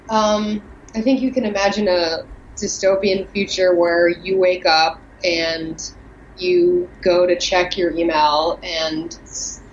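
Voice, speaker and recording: A woman guest in casual chat, talking in an animated, talkative way over an internet call. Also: on the low side, a little hiss or hum. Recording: muffled lo-fi call line.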